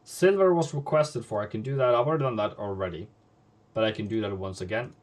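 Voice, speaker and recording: Fast-talking and fairly low-pitched, a Norwegian-first-language host leads a live forex trading stream. He repeats himself for emphasis and scolds without softening it.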